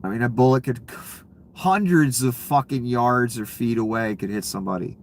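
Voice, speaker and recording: A man's voice: medium pitch, normal speed, a little hiss or hum. Profane, heated male political commentator. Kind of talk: angry political rant.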